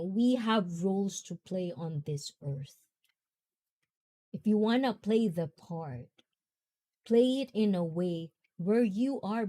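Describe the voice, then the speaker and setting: A young woman speaks in an easygoing, rambling way, laughing often as she hosts a casual talk. Her voice is soft and mellow in tone. She takes her time and never rushes. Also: medium pitch. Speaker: host.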